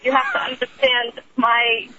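A woman in her late twenties calling in to a show and telling a story in an animated, giggly way over the phone. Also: on the high side, unhurried. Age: late 20s. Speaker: caller. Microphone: telephone. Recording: dull phone line with faint hiss.

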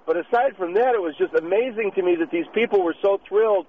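A man's voice: high-pitched, fast talker, a little hiss or hum. Chatty, giggly male radio caller. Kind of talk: phoning in to a radio show. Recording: dull lo-fi radio broadcast.

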